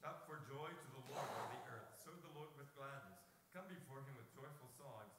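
A man from the congregation reading a psalm aloud in a measured, clear way. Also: mid-range voice. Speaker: congregation member reading scripture. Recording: very echoey room with faint noise.

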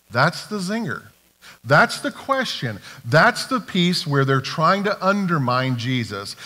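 Guy preaching a sermon, voice all over the place, bit higher pitched, church echo. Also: slow. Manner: animated preaching, acting out quoted voices. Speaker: pastor. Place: church sanctuary.

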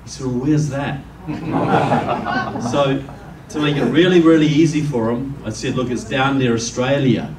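A man's voice: mid-range voice, unhurried, very noisy. Kiwi guy giving a talk to a crowd, chatty storyteller, sounds far from the mic in a roomy space. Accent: New Zealand. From New Zealand. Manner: conversational storyteller, jokes with the crowd. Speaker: guest speaker. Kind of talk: public speech to a live audience. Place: meeting room with an audience. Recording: echoey room, distant mic.

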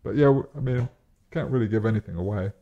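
Low gravelly guy rambling on as an interview guest in someone's flat, lots of "you know". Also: fast talker, muffled recording. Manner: relaxed, rambling, many fillers. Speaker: actor guest. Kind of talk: casual interview chat. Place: host's flat.

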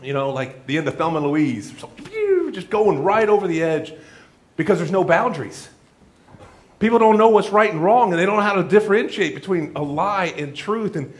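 A man preaching a sermon in a church, telling a folksy joke story and acting out the voices of its characters. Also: a little high. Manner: animated storytelling with acted-out voices; jokey, folksy. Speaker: pastor.

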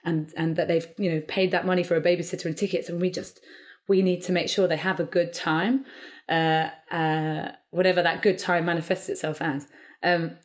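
A woman's voice: fairly low pitch, little pitch movement, moderate pace. A woman comedian, talking animatedly in a podcast interview and slipping into quoted voices. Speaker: comedian guest.

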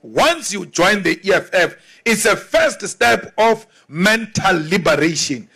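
A man giving a forceful, defiant political speech. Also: sits high, animated, a little slow, gravelly, slightly rough. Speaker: politician addressing a crowd.

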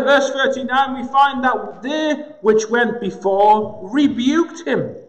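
A man preaching a sermon in a gospel hall, slow and emphatic with dramatic pauses. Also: extremely high pitch. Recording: echoey hall with long reverb.

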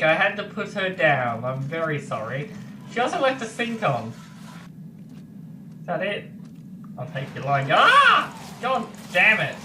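Lively, bright-voiced gamer in a roomy echo. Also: medium pitch, distant mic, a little hiss or hum. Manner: joking, mock-polite banter and loud exclamations. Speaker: gamer playing online with friends. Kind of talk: casual gaming chat.

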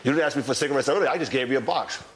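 A man's voice: medium pitch, racing, reverberant, a little hiss or hum. A man arguing heatedly in a shared house, taunting and cursing, repeating his challenges. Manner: taunting, profane, repeats himself. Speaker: reality show housemate. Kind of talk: heated argument. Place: large room in a house.

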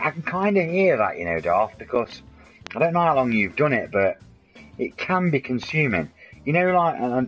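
A man's voice: medium pitch, fairly bright tone. A man, chatting and rambling in a matey way to viewers of his game stream. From England. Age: 40s. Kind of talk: casual live-stream chat.

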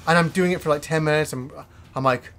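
A man reviewing a video game as the host, telling old memories in an excitable, profane, animated way. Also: fairly high pitch, fast talker. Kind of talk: casual storytelling review.

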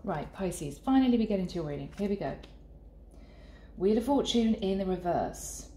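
A woman gives a spiritual tarot reading in a mellow, warm voice, earnest and gently emotional. Her talk carries an echo from the room around her, and a faint hum of ambience sits behind it. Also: mid-range voice, animated, normal speed. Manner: soft, earnest, emotional at times. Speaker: tarot reader.

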